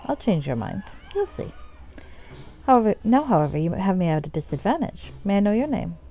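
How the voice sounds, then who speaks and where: A woman's voice: very animated, brisk, warm tone, dull audio. A woman voicing a sultry, flirtatious female brothel madam in a put-on accent, reading game dialogue aloud and drawling endearments. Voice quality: put-on accent she calls terrible. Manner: drawls endearments with deep swoops down.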